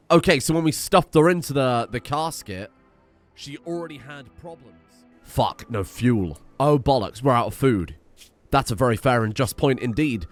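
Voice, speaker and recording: A young man giving casual, sweary let's-play commentary while playing a strategy game, animated and self-mocking, with sudden outbursts. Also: medium pitch. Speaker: gaming YouTuber.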